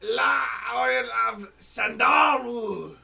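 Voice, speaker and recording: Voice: medium pitch, very slow, vocal fry, bright, forceful tone, far from the mic, full character voice. Someone reading a game's lines as a flamboyant, jittery male chef with an over-the-top fake French accent, melodramatic and full of French words. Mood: gushing. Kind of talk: reading game dialogue aloud.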